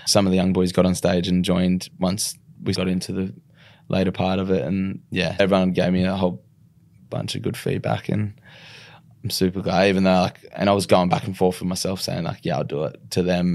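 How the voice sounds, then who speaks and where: A young man, a rugby league player and coach, chatting casually in an interview with a relaxed, rambling manner full of restarts. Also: sits low, moderate pace, gravelly, no echo. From Australia.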